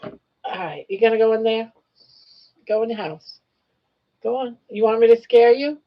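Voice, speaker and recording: A woman's voice: fairly high pitch, moderate pace. An older woman hosting a live crochet stream, chatting fondly with her pet and greeting viewers. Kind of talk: casual live-stream chat. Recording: dull lo-fi live stream audio.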